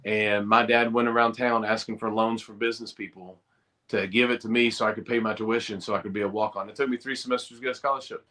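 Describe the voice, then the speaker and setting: Brief: middle-aged man, guest on a video call, bright forceful voice, animated storyteller. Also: on the low side, fast. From Eastern Kentucky. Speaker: guest, former college football player. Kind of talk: storytelling in a podcast interview.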